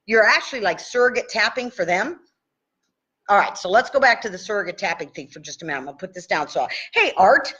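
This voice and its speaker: A woman's voice: medium pitch, expressive, fast, pushed and bright, breathy edge, muffled recording. A woman coaching tapping in a casual live stream, chatty and checking in with "okay?" after each point. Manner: chatty, says "okay?" often.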